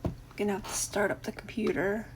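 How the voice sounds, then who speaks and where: A woman's voice: mid-range voice, steady tone, a little fast, slight background noise. A middle-aged woman hosting a casual craft live stream, greeting viewers by name and laughing often between remarks.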